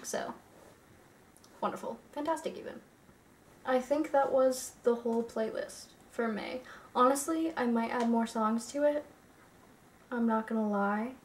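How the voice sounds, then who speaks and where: A young woman chatting casually to her viewers in a rambling vlog, full of fillers. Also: on the high side. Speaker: YouTuber.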